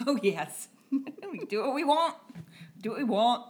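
A woman's voice: a little high, very animated, measured pace, darkish tone. A middle-aged woman co-hosting a casual podcast, playful and easily sidetracked, giggling as she chats. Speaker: podcast co-host, retired firefighter. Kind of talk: casual chat.

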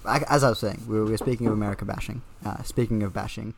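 A man's voice: fairly low pitch, steady tone, very fast, creaky, background noise. A young man hosting a podcast in casual chat, teasing his guests in a playful way. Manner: teasing, playful, fillers and restarts. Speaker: podcast host.

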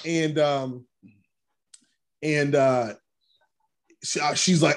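A man co-hosting a casual sports podcast, telling animated stories and acting out what people said. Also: mid-range voice, a little slow, pauses often. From Brooklyn. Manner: animated storytelling, acting out quotes. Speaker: podcast co-host.

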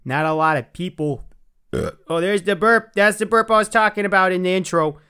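A podcast host putting on a folksy Canadian accent for a cheerful, chirpy sign-off, swearing casually. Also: male voice, high-pitched, normal speed, sharp tone, smooth, pitched above the performer's own voice. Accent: put-on Canadian.

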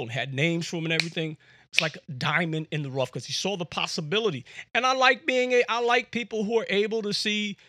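A man's voice: sits high, bright, forceful tone, no room sound, clean studio sound. A man hosting a podcast, telling a story in a casual, slangy way and often repeating words as he talks. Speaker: podcast host.

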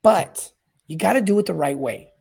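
A man hosting a solo podcast on plumbing service and sales, talking in a rambling, energetic way that often repeats and restarts words. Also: fairly high pitch, moderate pace, gravelly, slightly rough. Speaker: podcast host.

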